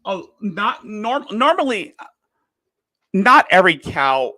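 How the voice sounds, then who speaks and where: A man's voice: high voice, sing-song, slow pace, bright, forceful tone, no room sound. A man in a heated, profane commentary rant, lurching between fury and apology. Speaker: livestream commentator. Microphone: desk microphone.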